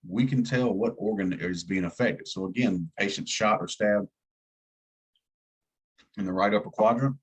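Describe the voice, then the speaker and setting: A man's voice: fairly low pitch, breathy edge, low-quality recording. A man with a slight Southern US twang teaching an EMT class in a casual, folksy way, asking his students to follow along. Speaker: EMT instructor.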